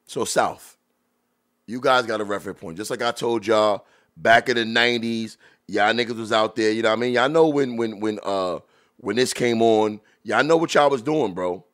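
A man hosting a podcast, reacting to old rap videos in loose, animated talk full of drawn-out exclamations. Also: lowish voice. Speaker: podcast host. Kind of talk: casual commentary reacting to music videos.

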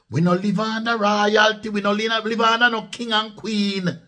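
A man's voice: high-pitched, little pitch movement, normal speed, sharp tone. A man with a Jamaican accent giving emphatic political commentary in a casual vlog, dropping into patois and repeating points for stress. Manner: emphatic, repetitive, mixes patois into speech.

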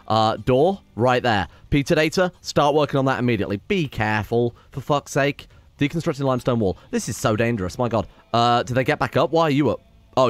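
Male gaming host, casual play-by-play, excitable and sweary, dry close mic, mid pitch. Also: no room sound. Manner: excitable, swears, talks to his colonists. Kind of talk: casual let's-play commentary.

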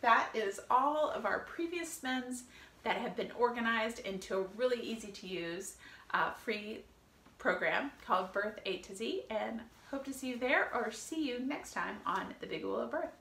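A woman birth educator giving a friendly, lively video lesson on labor, with fillers and small laughs. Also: a little high, moderate pace, echoey room.

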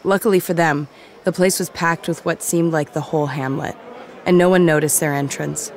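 A narrator reading a story aloud in a steady, even manner. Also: mid-range voice, normal speed. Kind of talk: audiobook narration.

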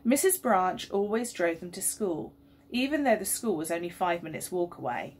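A woman, a teacher reading a story aloud and leading school worship in a gentle, expressive way. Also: lowish voice, normal speed, husky. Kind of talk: storybook reading and assembly talk.

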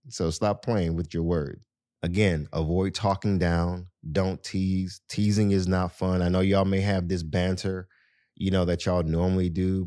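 Deep-voiced man giving earnest advice. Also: a little mellow, dry recording, clean studio sound. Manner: earnest, conversational, peppered with "you know". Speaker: podcast host. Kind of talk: casual advice talk to listeners.

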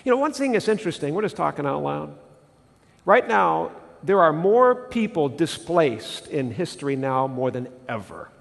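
A male pastor preaching with a high, very lively voice that swoops up and down as he puts questions to the congregation. The sound carries a long reverb from a church sanctuary. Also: moderate pace, creaky. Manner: animated, asks the congregation questions. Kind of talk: sermon.

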